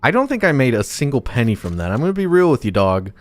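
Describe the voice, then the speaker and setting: A man's voice: medium pitch, very animated, quick pace, no room sound. A young man streaming a game, talking casually and ranting bluntly with lots of swearing. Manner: blunt, profane, opinionated ranting. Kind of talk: casual live-stream commentary over gameplay. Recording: streamed with game music behind.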